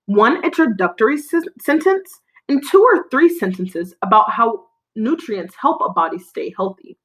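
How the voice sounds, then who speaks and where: A woman teacher giving a recorded lesson to children, prompting them with clear, encouraging call-and-response. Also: mid-range voice, fairly bright tone, rough recording.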